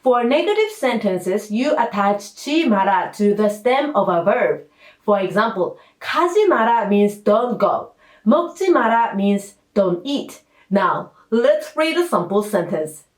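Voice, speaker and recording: A woman teaching a language lesson in a clear, patient way, with playful asides. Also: medium pitch, big pitch swings, moderate pace. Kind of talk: scripted lesson narration. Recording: roomy echo.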